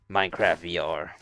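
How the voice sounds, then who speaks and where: A young man with a fairly low voice talks to his stream while playing a VR game, rambling and restarting his sentences and swearing now and then. A faint noise sits under his voice. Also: a bit bright. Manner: rambling, stop-start, casual swearing. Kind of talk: casual gaming stream chat.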